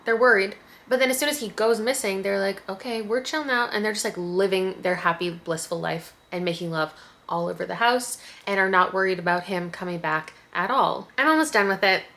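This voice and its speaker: A young adult woman chatting casually as a book vlogger, animated and quick with asides, laughing often. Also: medium pitch, vocal fry. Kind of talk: casual chat.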